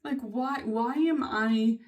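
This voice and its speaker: A woman's voice: on the high side, slow pace, a little mellow, distant mic. A woman vlogger talking casually in a diary style, candid and swearing freely as she vents. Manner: candid, frequent swearing, venting with bursts of laughter.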